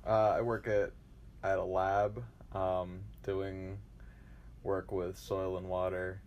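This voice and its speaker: A man's voice: low voice, level tone, slow pace, highs cut off, slight background noise. A man from Pennsylvania, a podcast guest, speaking hesitantly with many fillers in casual chat. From Lancaster, Pennsylvania. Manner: hesitant, soft-spoken, with fillers.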